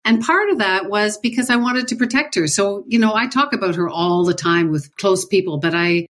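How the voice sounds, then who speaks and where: A woman co-hosting a talk show, asking questions in a lively, amused way. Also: medium pitch, normal speed. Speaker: co-host. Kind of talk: casual interview chat.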